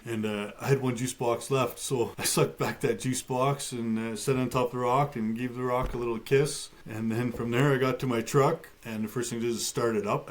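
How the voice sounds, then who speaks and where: A man of middle pitch telling his own story as a talk show guest. He keeps a steady, matter-of-fact tone with touches of dry humor and plenty of casual fillers. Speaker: guest, bear attack survivor.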